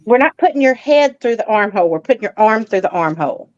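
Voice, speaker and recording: A woman's voice: mid-range voice, animated, fast, dry recording, dull audio. A woman co-hosting a live crochet chat, playful and laughing as she coaxes her dog.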